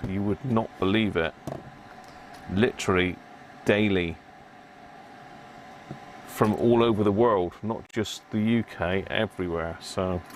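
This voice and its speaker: A British man with a lowish voice hosts a livestream while repairing a radio, chatting casually and rambling as he works. He often laughs at himself in a self-mocking way. There's a slight hiss or hum on the audio.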